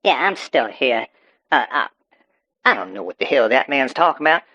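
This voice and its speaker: Heavily acted and sing-song, the mid-range voice comes across bright and forceful at a normal speed. It belongs to a performer portraying a paranoid farmer from the countryside who, as a call-in show interviewee, rants profanely and stammeringly about super pigs. The recording sounds muffled and dull.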